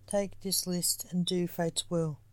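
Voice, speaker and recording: A woman's voice: lowish voice, little pitch movement, takes it slowly, no room sound. A woman reading the lines of a commanding male timekeeper in a storybook. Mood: stern. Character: Tempest, male timekeeper giving orders.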